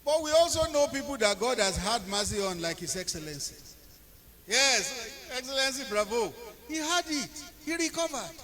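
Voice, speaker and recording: High-pitched Nigerian man giving a speech. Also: big pitch swings, a little fast, few pauses. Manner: storytelling, swings between quiet asides and loud emphatic bursts. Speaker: presidential aide speaking at an event. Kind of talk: public speech with anecdotes.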